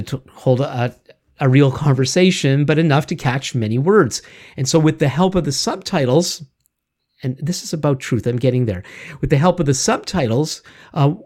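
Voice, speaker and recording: A man's voice: mid-range voice, a little mellow. A middle-aged man talking casually on his own, rambling with many fillers and restarts as he circles back to his point. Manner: rambling, self-correcting, frequent fillers. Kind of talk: casual monologue.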